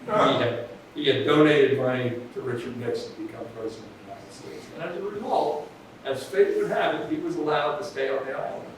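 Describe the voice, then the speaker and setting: Man, casual storyteller, rambling delivery; distant mic in a very echoey space with clear background noise. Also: mid-range voice, a little fast. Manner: rambling, restarts, chuckles at his own story. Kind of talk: casual anecdote.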